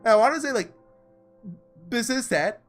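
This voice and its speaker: Chatty man with animated pitch. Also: a little slow, soft background music. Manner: rambling, chatty, full of "like". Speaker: let's play host. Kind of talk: casual game commentary.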